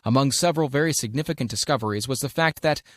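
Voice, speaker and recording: A man reading an audiobook aloud in a measured, deliberate way, leaning hard on key words. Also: medium pitch, no echo, clean studio sound. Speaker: audiobook narrator. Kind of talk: scripted audiobook narration of a self-help classic.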